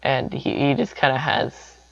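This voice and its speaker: A man's voice: medium pitch, lively intonation, a little slow, vocal fry, a bit bright, muffled recording. A young man rambling through an improvised comic story, full of silly sound effects.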